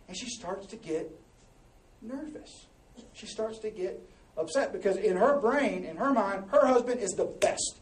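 A high-voiced male pastor preaching in a big echoey church hall, heard from a little way off the mic. He delivers the sermon in an animated, joking way, teasing the crowd between readings of scripture. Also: unhurried, far from the mic.

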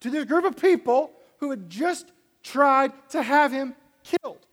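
High-voiced pastor preaching in a reverberant hall. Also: male voice, animated, unhurried, fairly bright tone. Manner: conversational storytelling with acted quotes. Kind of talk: sermon. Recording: long reverb of a large hall.

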